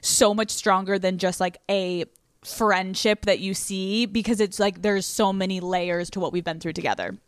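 A woman's voice: medium pitch, steady tone, normal speed, clear, resonant tone, no room sound, studio quality. A woman in her late twenties hosting a podcast, bubbly and chatty, swearing freely in casual chat with a friend. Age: late 20s. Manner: bubbly, swearing, frequent laughing. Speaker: podcast host.

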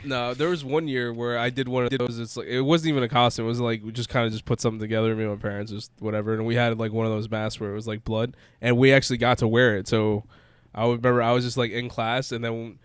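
A man's voice: mid-range voice, level tone, fast, smooth, no echo. A young man in casual chat, telling rambling stories and laughing easily. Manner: rambling storyteller, laughs easily, mimics people in quotes.

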